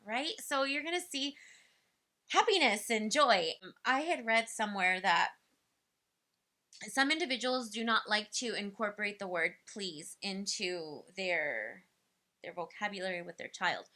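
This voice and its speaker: Bright chatty woman giving parenting tips. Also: mid-range voice. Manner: chatty, filler-heavy, acts out playful quotes to children. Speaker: speech development educator. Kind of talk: casual advice talk to parents.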